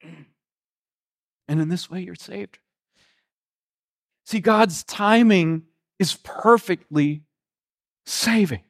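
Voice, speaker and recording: A man preaching a sermon, retelling a Gospel story in an earnest, halting way, with frequent restarts and slow, quiet quotations. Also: high-pitched. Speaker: pastor.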